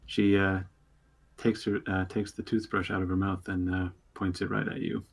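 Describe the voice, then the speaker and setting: A man narrating a tabletop game as game master, pausing often with fillers and restarting his sentences. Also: deep voice, level tone, creaky, breathy edge. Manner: halting, lots of filler words and restarts.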